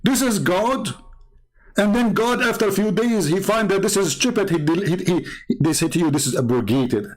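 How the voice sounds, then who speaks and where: A man's voice: sits high, normal speed. A man hosting polemical commentary, talking in a mocking, sarcastic way and laughing at his own jokes. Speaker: host.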